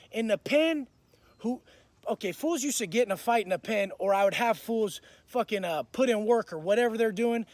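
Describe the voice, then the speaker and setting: Guy talking high and tough, cussing nonstop, stumbles and repeats himself when he gets heated, dry mic. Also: fast talker, dry recording. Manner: blunt, profane, swaggering street talk. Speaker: vlogger recounting prison life. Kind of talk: casual storytelling monologue.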